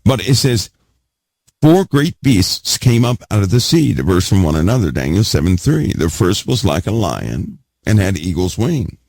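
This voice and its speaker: A male preacher teaching from scripture, his low voice gravelly and a little husky. He leans on the same words again and again and throws questions at the room, his pitch swinging widely. The sound is dry and close. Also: sing-song, normal speed, a little mellow, no room sound. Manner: emphatic, repeats key words, asks the audience questions. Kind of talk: sermon teaching.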